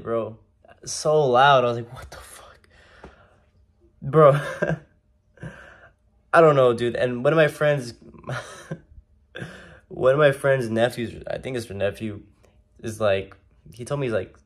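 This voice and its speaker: A young man ranting in a casual, slangy way, exasperated and swearing a lot. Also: mid-range voice. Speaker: vlogger. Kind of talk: casual rant to camera.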